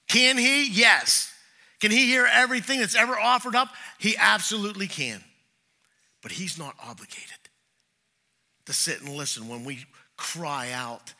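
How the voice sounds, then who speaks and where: A middle-aged man preaching a sermon, telling personal stories and acting out the voices he quotes, swinging between loud and hushed. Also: sits high. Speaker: pastor.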